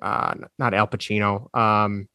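A man's voice: fairly low pitch, level tone, a little slow, creaky, sharp tone, smooth, no echo, studio quality. A man co-hosting a casual movie chat, chatty and explaining at length. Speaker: podcast co-host.

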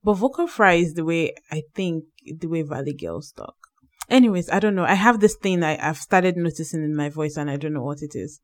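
A woman's voice: deep voice, a little fast. Playful young woman podcast co-host. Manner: lively, playful, with emphatic bursts. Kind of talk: casual podcast chat.

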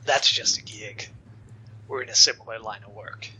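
A man voicing a cold, mocking undead mercenary villain in a low, menacing voice that sometimes drops to a whisper. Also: fairly even intonation, normal speed, bright, forceful tone, a little hiss or hum.

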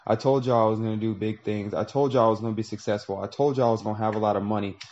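A man's voice: fairly low pitch, fairly even intonation, darkish tone. Reflective man musing, lo-fi sound. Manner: reflective, profane, drawn-out storytelling with voiced asides. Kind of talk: casual monologue.

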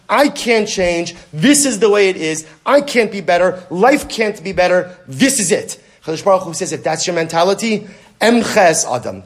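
Male Torah teacher, lively and emphatic, fairly high voice, builds with repetition. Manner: animated, emphatic, repeats phrases for stress. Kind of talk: Torah class lecture.

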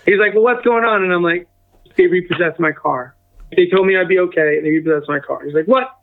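A man's voice: a little high, fast, gravelly. A man in his forties telling a personal story as a guest, acting out the other people's lines as he goes. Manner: acts out quoted dialogue with a lively shift in tone. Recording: tinny phone-like remote line.

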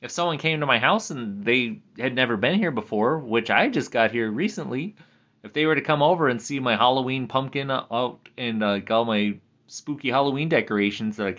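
A man's voice: moderate pace, a bit bright. Chatty mid-range guy, loose and jokey monologue, slightly dull home recording. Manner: chatty, laughs often, jokey pitch swings. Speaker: vlogger. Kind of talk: casual rambling monologue.

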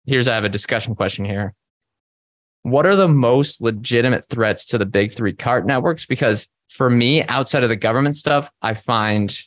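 A man co-hosting a casual podcast, talking in a measured, conversational way with frequent fillers. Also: on the low side, fairly bright tone, no room sound. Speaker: podcast co-host. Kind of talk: casual investing discussion.

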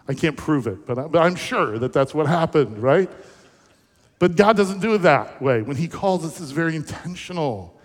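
A man, the pastor, preaching a sermon in an animated, conversational storytelling way, asking the audience questions. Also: on the high side, moderate pace. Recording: echoey hall reverb.

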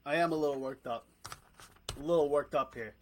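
A man's voice: a little high, fairly quick, a little hiss or hum, rough recording. A man co-hosting a sports podcast, ranting in a fired-up way and swearing freely. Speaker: podcast co-host. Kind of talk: casual sports podcast chat.

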